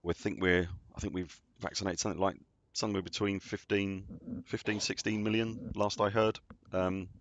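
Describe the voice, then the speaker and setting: A man's voice: sits low, little pitch movement, moderate pace, dry recording. A man, streaming a game and chatting casually with viewers, rambling and greeting people by name. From United Kingdom. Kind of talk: casual live-stream chatter while gaming. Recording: dull, dry lo-fi sound.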